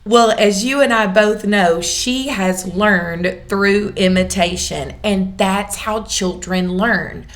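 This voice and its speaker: A middle-aged woman, a church kids minister hosting a parenting podcast in a slow, deliberate, encouraging way. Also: mid-range voice.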